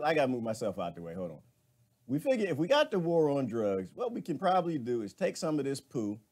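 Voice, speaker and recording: Animated, chatty man live-streaming. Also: a little high. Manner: chatty, laughing, greets viewers by name. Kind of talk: casual live-stream talk.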